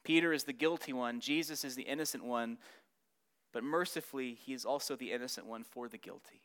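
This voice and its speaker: A man's voice: mid-range voice, fairly quick, fairly bright tone, smooth. A man teaching a Bible study lesson, acting out the quotes with rising and falling intensity.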